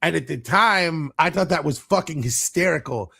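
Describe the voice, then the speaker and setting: A man's voice: on the high side, animated, moderate pace, gravelly, sharp tone, husky. An American man hosting a sports podcast, talking bluntly and swearing through a casual rant. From United States. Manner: blunt, profane rants. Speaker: podcast host.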